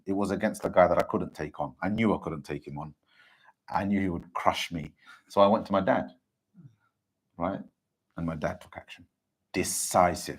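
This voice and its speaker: A man giving an earnest, impassioned religious talk to a gathering, often pausing to ask if listeners understand. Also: low-pitched, breathy edge. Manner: earnest, keeps asking "do you understand?". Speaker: Islamic teacher giving a talk.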